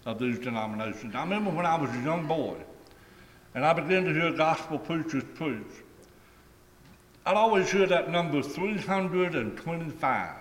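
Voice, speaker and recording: A man preaching a sermon in a deliberate, emphatic way, stretching key phrases and letting them fall away at the ends. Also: a little high, fairly bright tone. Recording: echoey hall with long reverb.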